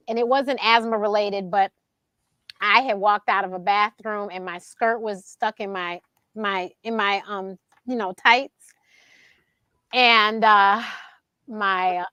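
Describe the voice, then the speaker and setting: A woman telling stories in casual talk, animated, laughing often and acting out what others said. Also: dry recording. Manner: animated, acts out quotes in a higher voice; laughs often mid-sentence. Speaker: show host being interviewed. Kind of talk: casual storytelling.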